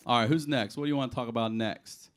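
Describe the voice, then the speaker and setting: A man from Baltimore doing improvised stand-up on a comedy club stage, telling profane, animated stories and acting out the quotes. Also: mid-range voice, fast talker. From Baltimore, USA. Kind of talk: improvised stand-up on audience requests.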